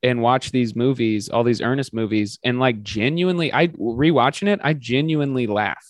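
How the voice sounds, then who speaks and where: A man's voice: medium pitch, moderate pace, dry recording, clean studio sound. A young man co-hosting a casual chat, talking with enthusiasm, swearing freely and jumping in often. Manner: enthusiastic, profane, jumps in often. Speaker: podcast co-host.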